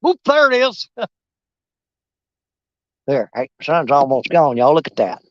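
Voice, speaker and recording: A man rambles and jokes as he fishes from an outdoor riverbank, his pitch leaping up and down in lively swings. The sound is dry, with almost no room around it, and slightly dull and lo-fi. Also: slow pace, long pauses, no room sound. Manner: folksy, joking, rambling. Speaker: fishing vlogger. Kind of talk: casual outdoor fishing commentary.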